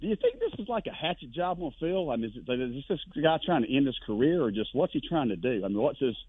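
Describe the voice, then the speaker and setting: Fast-talking man on a phone line. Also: mid-range voice, a little hiss or hum. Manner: rapid, animated anecdote-telling with voices for quoted people. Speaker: regular caller on a sports radio show. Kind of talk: casual storytelling on a phone line. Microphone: telephone. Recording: tinny dry phone line.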